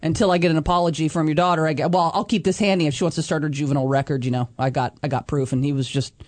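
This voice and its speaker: A woman's voice: deep voice, very fast. A woman chatting casually, telling a story and acting out the people in it. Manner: animated, acts out quoted people.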